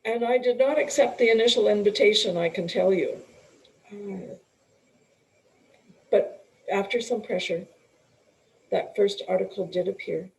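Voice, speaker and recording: A middle-aged woman speaks slowly as an interview guest, her voice carrying a gravelly edge. She tells her story earnestly, with restarts and the odd clearing of her throat. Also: mid-range voice, rough recording. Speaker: guest, empowerment coach and author.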